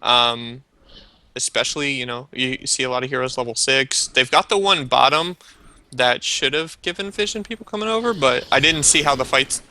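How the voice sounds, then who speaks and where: A man's voice: medium pitch, animated, moderate pace, pushed and bright. A man co-casting a live esports match, laid-back with dry, teasing humour while he analyses the play. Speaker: esports co-caster.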